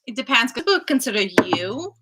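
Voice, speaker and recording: A woman's voice: a little high, very animated, a little fast, background noise. A woman from Ukraine co-hosting a casual livestream chat, laughing often and good-humored. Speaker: co-host.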